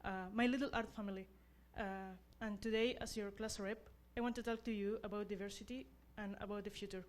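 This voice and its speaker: A woman's voice: mid-range voice, fairly even intonation, a little fast. A young woman who is not a native English speaker, giving an earnest, self-deprecating graduation speech as class representative.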